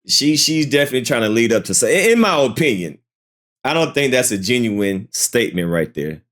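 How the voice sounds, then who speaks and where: A man talks through a reaction video in a casual, skeptical way and keeps circling back to the same doubts. His pitch swings a lot as he talks. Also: a little fast. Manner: skeptical, repeats himself, animated. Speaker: reaction channel host.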